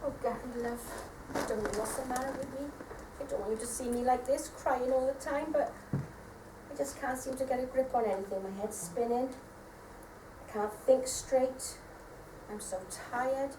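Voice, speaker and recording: A woman playing a worn-down, tearful mother, speaking softly and hesitantly on a live theatre stage. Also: high voice, normal speed, lightly acted. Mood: despairing. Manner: soft, hesitant, self-deprecating. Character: weary depressed mother, tearful and self-doubting. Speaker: amateur stage actor. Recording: echoey theatre stage from far off, faint noise.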